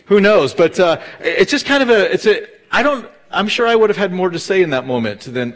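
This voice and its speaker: A middle-aged male pastor walks through Scripture verse by verse, telling the story casually with plenty of ums and acted-out dialogue. His speaking voice sits a touch higher than most men's. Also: brisk, hardly any pauses. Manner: casual storytelling with fillers and lively retold dialogue. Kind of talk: verse-by-verse Bible teaching.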